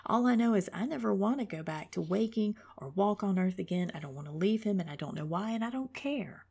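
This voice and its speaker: Woman author reading her memoir, husky and dark, reflective and hushed. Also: mid-range voice, lively intonation, brisk. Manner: reflective, often dropping to a whisper.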